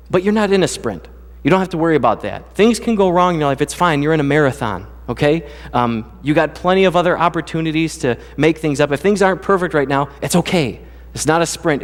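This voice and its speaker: A slightly high male voice with a long reverb tail belongs to a pastor in a church sanctuary. His sermon is casual and conversational, built around the joking stories he tells about his life.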